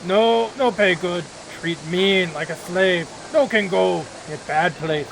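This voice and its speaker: Man doing a gruff, loud orc laborer. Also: sits high, slow pace, slight background noise, exaggerated voice, low-quality recording. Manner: broken clipped grammar, blunt short phrases. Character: downtrodden male orc factory laborer, gruff.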